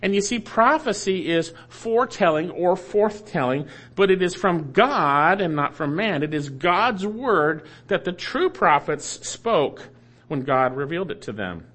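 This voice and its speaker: Male pastor, slightly high voice, emphatic sermon delivery that repeats key lines. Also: expressive, unhurried. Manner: emphatic preaching, repeats key phrases, swings loud and soft.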